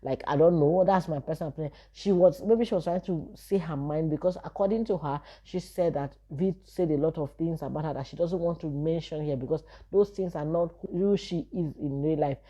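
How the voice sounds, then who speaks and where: A woman's voice: low-pitched, brisk, few pauses. A young woman, casually and animatedly retelling events as a vlogger, with lots of fillers. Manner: animated retelling, full of fillers and acted quotes. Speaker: vlogger recapping a reality show. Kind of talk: casual chat.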